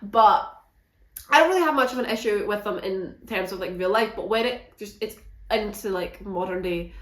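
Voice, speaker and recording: A woman chatting through her monthly reads in a frank, animated vlog, not shy about swearing. Her voice sits in a middle pitch and carries a noticeable echo from the room. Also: normal speed. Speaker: book reviewer. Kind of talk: casual monthly book wrap-up vlog.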